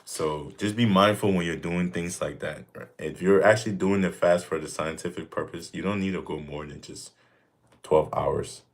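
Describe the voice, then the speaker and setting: Male host, 30s, very low voice, emphatic, repetitive and joking in casual livestream chat. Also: normal speed. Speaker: fitness streamer answering viewer questions.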